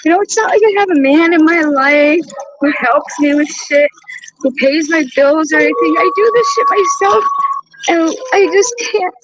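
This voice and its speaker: A woman's voice: very high-pitched, normal speed, lo-fi sound, heavy background noise. A woman venting outdoors beside her car, swearing, her voice breaking into tears. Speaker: vlogger. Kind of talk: tearful venting monologue. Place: outdoors by her car in hot humid weather.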